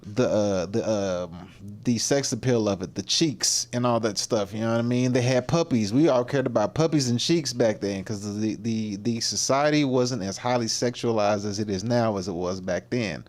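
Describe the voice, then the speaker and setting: A man's voice: fairly low pitch, moderate pace, hardly any pauses, a little mellow. Rambling male livestream host. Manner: rambling, with lots of fillers and restarts. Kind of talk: casual reaction commentary.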